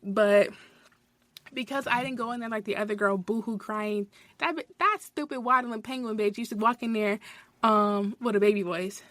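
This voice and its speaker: A woman's voice: fairly high pitch, steady tone, moderate pace, no echo. A young woman podcast host telling a story in a casual, blunt rant, swearing often and saying "like" a lot. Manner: blunt and profane, heavy filler "like".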